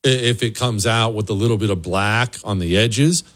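A man's voice: fairly low pitch, moderate pace, no echo. A man hosting a radio talk show, giving a blunt, emphatic monologue with sarcastic asides. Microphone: studio microphone.

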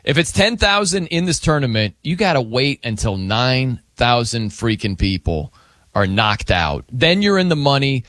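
A man's voice: mid-range voice, normal speed, no room sound, clean studio sound. A man hosting a late-night radio show in a casual, jokey chat, often acting out the people in his stories. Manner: animated, jokey, puts on voices when retelling.

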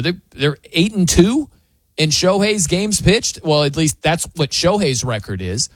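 A man's voice: a little high, measured pace, dry recording. A man hosting a sports talk show, ranting in disbelief as he argues his opinions. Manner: animated, incredulous ranting.

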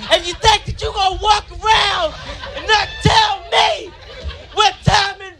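Ein schreiender, wütender Muttertyp von einem Mann gespielt ruft genervt und hoch, mit Publikum und Lärm im Hintergrund einer Comedy-Bühne. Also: female voice, extremely high pitch, steady tone, voice pushed up. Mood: scolding, shouting. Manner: shouting, exasperated, drawn-out emphasis. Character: angry scolding mother, loud and fed up. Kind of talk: stand-up comedy act-out. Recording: live club crowd and noise.

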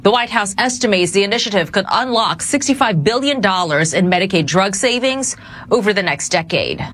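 A woman reporting the news in a steady, scripted way. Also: medium pitch, fairly quick.

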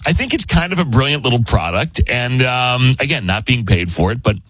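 Male host, casual storyteller: husky, animated, laughs easily, dry close sound. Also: medium pitch, fairly quick, no room sound. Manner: animated, laughs often, acts out quoted voices.

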